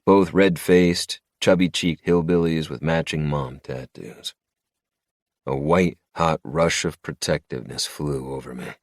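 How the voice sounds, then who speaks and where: A man narrating a first-person romantic suspense audiobook in a low, measured delivery. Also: steady tone, dry recording, clean studio sound.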